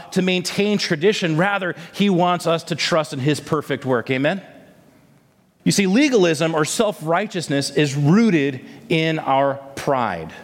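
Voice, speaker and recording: A man's voice: a little high, in a large hall. A man preaching a sermon as a pastor, reading scripture and then telling a story in an earnest, emotional way with stammered restarts. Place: church sanctuary.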